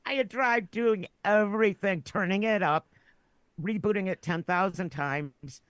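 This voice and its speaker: A woman's voice: mid-range voice, measured pace, no echo. Rambling, giggly woman guest. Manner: rambling, laughs through her words. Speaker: podcast guest. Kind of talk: casual chat.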